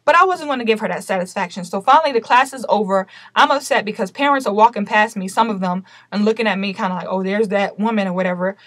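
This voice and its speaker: A mother telling a personal story to camera in a casual, animated way, full of indignation and emphatic quoted dialogue. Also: medium pitch, fast, hardly any pauses, no echo. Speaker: vlogger recounting a personal story.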